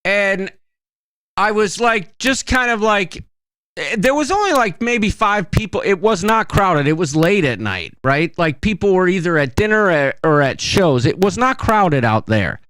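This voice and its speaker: A man's voice: sits high, big pitch swings, unhurried, fairly bright tone, clean tone, dry recording. A man hosting a casual podcast, telling rambling stories with many fillers. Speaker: podcast host. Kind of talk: casual chat.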